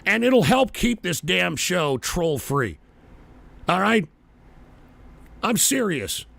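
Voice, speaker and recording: Hoarse male livestream host, gravelly and animated, cursing through an angry political rant. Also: high voice, slow. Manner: profane, angry ranting at chat. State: hoarse, strained throat. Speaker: political talk show host.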